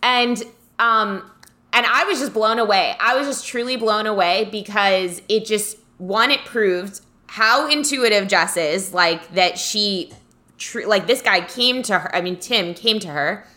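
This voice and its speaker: Bright-voiced woman telling a story. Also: medium pitch, unhurried. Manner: animated storyteller, acts out quoted voices. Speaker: podcast co-host. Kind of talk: casual podcast chat.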